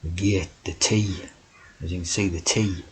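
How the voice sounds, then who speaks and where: A man's voice: sits low, fairly even intonation, moderate pace, husky, low-quality recording. A man talking in a rambling monologue, constantly tagging his sentences with "right?" and "you know".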